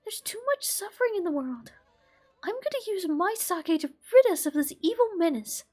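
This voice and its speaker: A woman's voice: very high voice, big pitch swings, moderate pace, darkish tone, faint music behind, pitched above the performer's own voice. A woman voicing a determined young village woman who speaks earnestly and resolutely.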